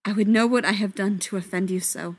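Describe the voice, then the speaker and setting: A woman's voice: medium pitch, steady tone, a little fast, no echo, lightly acted. A woman reading the lines of a young male dwarf prince who speaks stiffly formal and bitter.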